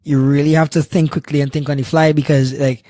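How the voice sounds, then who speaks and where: Man, Trinidadian accent, podcast guest, lively storyteller, a bit higher-pitched voice, dry close sound. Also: fairly quick, no room sound. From Trinidad and Tobago. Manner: animated, acts out the people in his story. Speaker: guest, sports marketing executive. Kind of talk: casual storytelling in a podcast interview.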